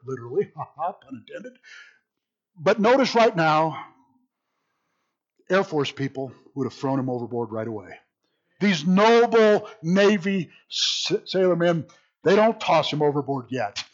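Animated man teaching Bible study, dull recording. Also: on the high side, normal speed. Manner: animated, jokey, repeats words while thinking.

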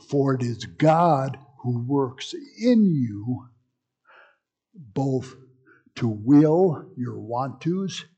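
Slow, gravelly-voiced male pastor. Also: medium pitch, dark tone. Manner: teaching, explains grammar, conversational asides. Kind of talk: sermon.

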